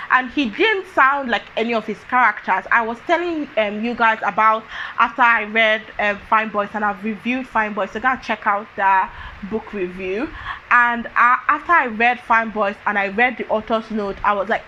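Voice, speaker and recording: A woman's voice: a little high, sharp tone, highs cut off, a little hiss or hum. A woman giving a casual book review, thinking aloud with many fillers and restarts.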